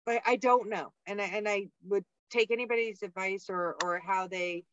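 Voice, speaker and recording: A woman co-hosts a podcast in casual chat, speaking frankly, thinking aloud, and swearing freely. Her medium-pitched voice moves at a moderate pace with no echo, and the recording sounds dull, lo-fi, and dry.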